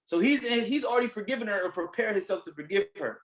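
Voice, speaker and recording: A man hosting a podcast in casual chat, retelling a reality show in a blunt, animated way, acting out what people said and swearing freely. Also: sits high, fast talker, low-quality recording. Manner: animated storytelling, acting out quotes. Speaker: podcast host.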